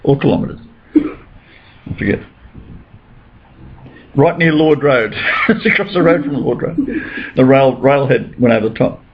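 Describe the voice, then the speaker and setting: Gravelly man rambling insistently. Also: mid-range voice, lively intonation, measured pace, long pauses. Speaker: speaker with religious claims. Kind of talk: casual conversation. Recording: dull lo-fi recording with faint noise.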